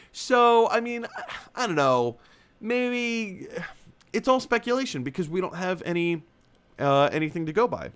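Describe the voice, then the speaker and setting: Young male stream host, lively pitch, rambling and filler-heavy, casual chat. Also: normal speed. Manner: rambling, restarts, many fillers. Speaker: host of a live movie chat show. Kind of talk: casual live-stream chat reading viewer comments.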